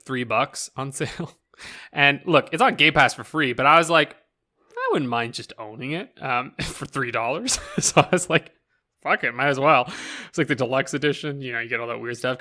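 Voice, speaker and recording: Lively, bright-voiced Canadian man chatting. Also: mid-range voice. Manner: animated, laughs often, swears casually. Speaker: podcast co-host. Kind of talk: casual chat.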